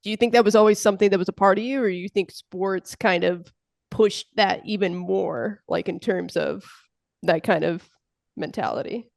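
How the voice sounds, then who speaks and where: A woman co-host chats casually, joking at her own expense and restarting her sentences. Her voice has a middle pitch. The sound is dry and close. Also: moderate pace, gravelly, darkish tone, dry recording. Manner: chatty, self-deprecating, hesitant restarts. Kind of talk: casual chat.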